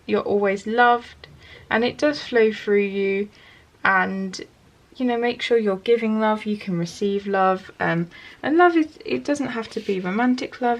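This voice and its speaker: A woman talks through a tarot card spread in a relaxed, chatty way. She keeps stopping and restarting as she guesses at the animals on the cards, and she speaks to the viewer in a gentle, encouraging tone. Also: medium pitch. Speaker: tarot reader. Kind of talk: casual tarot reading to camera.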